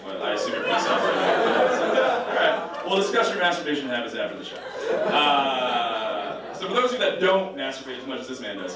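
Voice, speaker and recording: A man doing a stand-up comedy set on a club stage with a live audience, animated and shouting his punchlines. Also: mid-range voice. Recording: echoey club, distant mic, crowd noise. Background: audience laughter.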